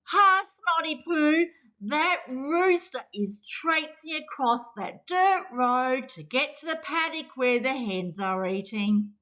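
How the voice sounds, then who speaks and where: A woman's voice: high voice, lively intonation, takes it slowly, sharp tone, voice pushed up, heavily acted. A woman voicing a cheeky little booger creature with a playful, chatty storybook voice. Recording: dull lo-fi sound.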